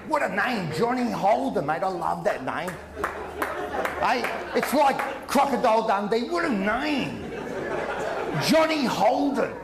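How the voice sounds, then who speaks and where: Brash high-voiced comedian, roomy hall. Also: male voice. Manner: brash, teasing crowd work with loud outbursts. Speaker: stand-up comedian at a live event. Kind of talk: stand-up comedy. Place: function room with a live audience. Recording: echoey room with audience.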